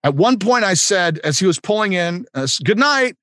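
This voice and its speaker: A man tells showbiz anecdotes with animation and acts out the other voices. His voice sits slightly high, and the recording is close and dry. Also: expressive, brisk, fairly bright tone, no echo. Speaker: guest, improv and voiceover actor. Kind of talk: anecdotal storytelling.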